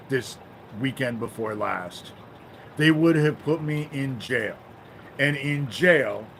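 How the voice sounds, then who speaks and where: Brief: man, mid-pitched voice, angry profane livestream rant, faint noise in the background. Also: a bit bright, rough recording. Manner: fills pauses with "you know?". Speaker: livestream host. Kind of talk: livestream monologue.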